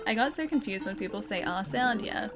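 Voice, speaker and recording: A woman's voice: medium pitch, animated, brisk, loud music behind the voice. A young adult woman with an Australian accent, chatting casually with her viewers while playing a game and laughing often. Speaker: streamer. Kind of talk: casual gameplay chat.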